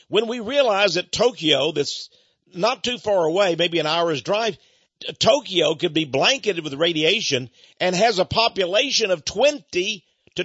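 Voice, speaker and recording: Man, evangelist preacher, earnest rambling delivery, repeats words, husky voice, dull lo-fi recording. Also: a little high, a bit bright, no echo. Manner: earnest, rambling, with frequent word repeats and restarts. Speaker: evangelist minister and author. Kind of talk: preaching monologue to viewers.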